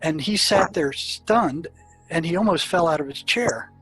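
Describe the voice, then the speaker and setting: An older man tells stories from his years as a psychiatrist, his voice a touch higher than most men's. He talks in loose runs full of fillers and restarts. Faint music plays quietly under the recording. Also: expressive, measured pace, low-quality recording. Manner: anecdotal, many fillers and restarts. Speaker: psychiatrist telling his experiences. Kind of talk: storytelling in an interview.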